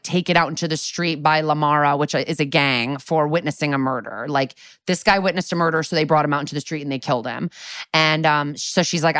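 A woman co-hosts a podcast, chatting casually through a recap of a TV episode, laughing a lot, swearing, and quoting the characters in her own voice. Her voice is low with a fairly bright, clear, resonant tone. The studio-quality recording has no echo.

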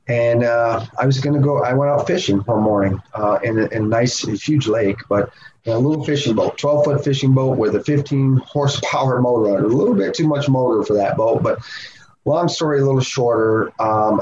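A man guest on a podcast, telling a story in a lively way and laughing often. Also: medium pitch. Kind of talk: animated storytelling. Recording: slightly dull sound with faint noise.

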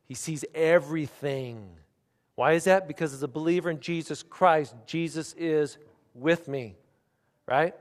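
A pastor in his forties preaching a sermon, shifting from hushed, intimate asides to loud, emphatic declarations. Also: fairly high pitch, measured pace, big-room sound. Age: 40s. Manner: animated preaching, swinging from quiet asides to loud emphatic lines.

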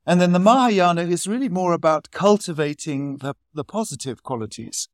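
A man teaching Buddhism in a relaxed, conversational dharma talk with storytelling asides. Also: high voice, normal speed, dry recording, clean studio sound.

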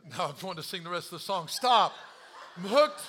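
Man, pastor, sermon, high voice, swinging from hushed to shouting, self-deprecating. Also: a little hiss or hum. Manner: animated, self-deprecating humor, swings from quiet confession to shouting; quotes scripture slowly.

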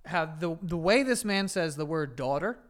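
A man's voice: a little high, animated, normal speed. A man co-hosting a podcast, reading an ad in a casual, jokey way and laughing at the copy. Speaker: podcast co-host. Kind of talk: casual chat with ad reads.

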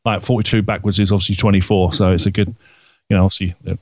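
A man's voice: sits low, little pitch movement, quick pace, a little mellow, no room sound. Man, podcast co-host, chatty, hesitant, dry close sound. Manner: laughs easily, hesitant with fillers. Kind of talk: casual chat.

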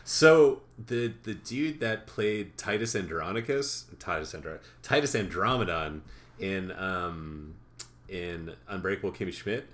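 A man's voice: deep voice, expressive, unhurried, fairly bright tone. A young man co-hosting a podcast, chatting casually and rambling, laughing easily. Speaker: podcast co-host. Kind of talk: casual chat.

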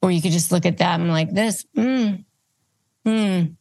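A woman host giving advice, walking through numbered steps with deliberate emphasis and acting out calm replies and knowing looks. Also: fairly low pitch. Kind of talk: instructional advice talk.

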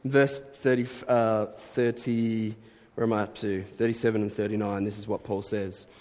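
A man's voice: fairly low pitch, flat delivery, moderate pace, darkish tone, in a large hall. A man preaching a sermon as a pastor, conversational and earnest, building to emphatic bursts.

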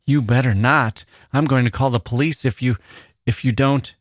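A man's voice: medium pitch, normal speed, dry recording, pitched above the performer's own voice, natural voice. A frightened teenage girl who snaps back in short, scared retorts, as a man reads her in a raised voice. The sound is close to the mic and dry.

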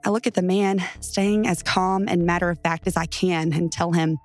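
A woman's voice: on the low side, fairly even intonation, moderate pace, few pauses, no room sound, faint music behind. A woman reading a first-person true horror story aloud with tense, dramatic delivery. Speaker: story narrator.

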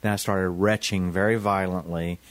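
Guy on a podcast with a lowish voice, rambling through a story, keeps restarting. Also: fairly even intonation, normal speed, dry recording. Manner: rambling, restarts, earnest recounting. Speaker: podcast co-host. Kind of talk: casual storytelling among friends.

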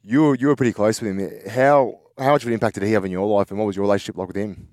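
A quick-talking Australian man hosts a relaxed sports chat, firing off friendly questions. His voice sits on the low side. It is recorded close and dry, with no room echo. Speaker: podcast host, former player. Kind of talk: casual interview.

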